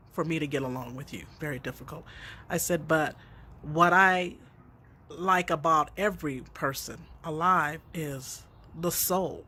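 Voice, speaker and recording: A woman's voice: lowish voice, fairly bright tone, breathy edge. A middle-aged woman telling a personal story in a reflective way, often laughing as she speaks.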